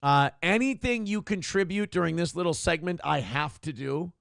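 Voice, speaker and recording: A man's voice: a little high, expressive, normal speed, creaky, fairly bright tone, dry recording, studio quality. A man hosting a morning livestream show, chatting in a crude, rambling, self-mocking way. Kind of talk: casual livestream chat.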